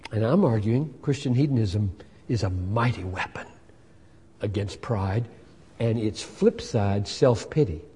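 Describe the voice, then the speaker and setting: A man preaching a sermon, emphatic and expressive, often acting out the voices in the passages he reads. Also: medium pitch, breathy edge, big-room sound.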